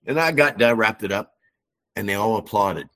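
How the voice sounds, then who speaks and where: A man's voice: fairly low pitch, moderate pace, a bit bright. A middle-aged man telling a church story in casual chat, animating the quoted dialogue. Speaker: guest.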